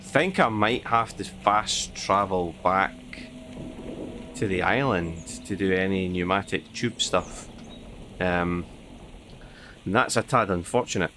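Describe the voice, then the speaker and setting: A man's voice: deep voice, slow, over music. A man giving casual gameplay commentary, muttering to himself with dry asides and the odd curse. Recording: noticeable background noise.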